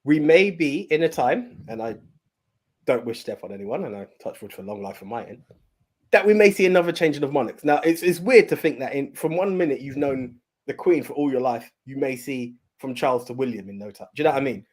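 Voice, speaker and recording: A man's voice: medium pitch, animated, fairly quick. A man co-hosting a podcast, talking earnestly and at length, often repeating and restarting his phrases. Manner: earnest, rambling, repeats himself. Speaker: podcast co-host. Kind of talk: casual podcast chat.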